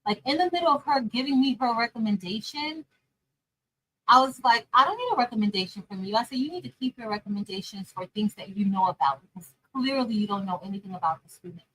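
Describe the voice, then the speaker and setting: A woman chatting casually and telling a story straight to her viewers, animated, calling them y'all and girl. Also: fairly high pitch, brisk, low-quality recording. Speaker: crafting vlogger and teacher.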